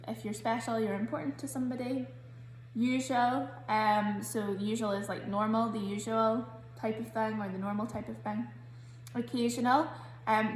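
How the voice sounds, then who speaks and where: A woman with a Scottish accent, a primary school teacher recording a spelling lesson for children. She explains each word patiently and says every sound slowly and carefully. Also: fairly high pitch, roomy sound, slight background noise.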